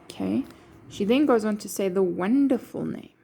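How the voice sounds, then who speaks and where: A woman's voice: medium pitch, normal speed, creaky, dark tone, husky. A woman teacher explaining a poem line by line, checking in with her students with a frequent "okay". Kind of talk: poetry lesson explanation.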